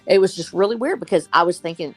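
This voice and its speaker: A woman from Texas talks in a casual group chat, lower-pitched than most women. She is animated and thinks aloud with restarts. Faint music plays underneath. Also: fast, breathy edge. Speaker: co-host.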